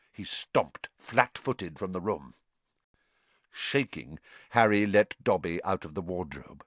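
Man, audiobook narrator, animated storytelling, very lively pitch, dry studio sound. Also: slow pace, no echo.

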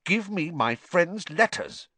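A man's voice: high voice, big pitch swings, slow, pushed and bright, husky, dry recording, voice pushed up, heavily acted. A man voicing an earnest, frustrated young boy wizard who speaks urgently and defiantly, in an audiobook. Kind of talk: audiobook character voice.

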